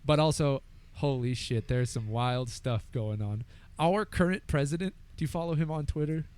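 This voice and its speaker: A young man co-hosting a podcast in casual chat, animated, swearing and laughing often. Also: fairly high pitch, moderate pace, smooth. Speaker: podcast co-host.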